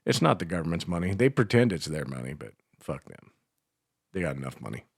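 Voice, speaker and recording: Morning radio co-host, male, from Ohio; deep rough voice, rambling crude jokes, dry booth sound. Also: sing-song, fairly quick, dry recording. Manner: rambling, crude joking with laughs. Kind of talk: casual banter.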